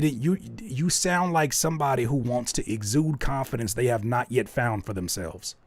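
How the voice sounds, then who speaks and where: A man with a slightly high voice, recorded without echo, hosts a live music feedback stream. He critiques bluntly and emphatically, staying animated and cracking jokes as he goes.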